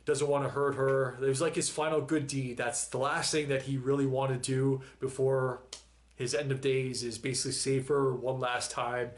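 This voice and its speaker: A man's voice: medium pitch, little pitch movement, moderate pace. A man hosting a reaction video, talking in a casual, rambling way while still emotional after crying, with frequent sighs and laughs. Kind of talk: casual chat.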